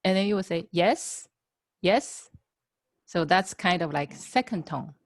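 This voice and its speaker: A woman teaching a class over a video call, a native Chinese speaker explaining in English with many pauses, fillers and everyday examples. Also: fairly low pitch, dry recording, clean studio sound. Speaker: language teacher.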